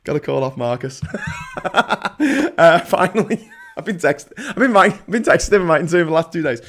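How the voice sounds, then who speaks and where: A man hosting a political livestream, reading chat messages and ranting sarcastically, swinging between loud outbursts and low muttering. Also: animated, a little fast. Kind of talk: ranting live-stream commentary reading chat.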